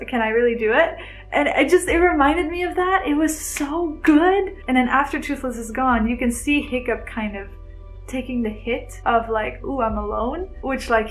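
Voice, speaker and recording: A woman's voice: a little high, poor audio. A woman vlogger chatting to camera about a film she loves, gushing and giggly, rambling with restarts. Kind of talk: casual chat to camera.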